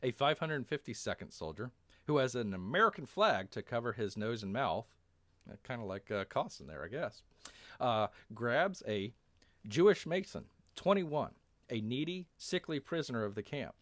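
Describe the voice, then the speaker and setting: A man reading a war story live to viewers, rambling and filling gaps with ums. His voice swings in pitch with animation. The sound is dry and close. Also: big pitch swings, moderate pace, fairly bright tone, no echo. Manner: rambling, many fillers, talks of himself as Bear. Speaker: storyteller and streamer. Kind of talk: casual live-stream storytelling.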